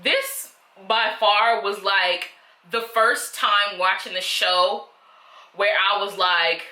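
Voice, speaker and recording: A woman's voice: mid-range voice, slow, bright, forceful tone, roomy sound. A woman giving casual, opinionated reaction commentary to viewers, chatty and slangy, calling her audience "girl". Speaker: reaction vlogger.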